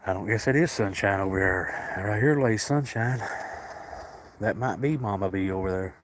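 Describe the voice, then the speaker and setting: A man, casually live-streaming outdoors while feeding and softly coaxing the cats of a colony. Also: fairly low pitch, normal speed, slight background noise, poor audio. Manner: folksy, talks softly to the cats and coaxes them. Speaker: cat sanctuary caretaker streaming live.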